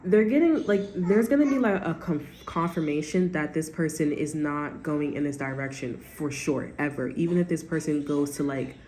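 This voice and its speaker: A woman's voice: low-pitched, moderate pace, hardly any pauses, dark tone. A woman giving a casual tarot reading, rambling and giggly, cursing freely and tagging lines with "okay?". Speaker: tarot reader. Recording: echoey room with faint ambient noise.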